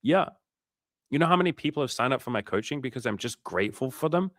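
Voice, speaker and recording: A man's voice: mid-range voice, lively intonation, fast, fairly bright tone, dry recording, clean studio sound. A man coaching on a livestream in a casual, profane and fired-up way, talking emphatically. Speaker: dating coach.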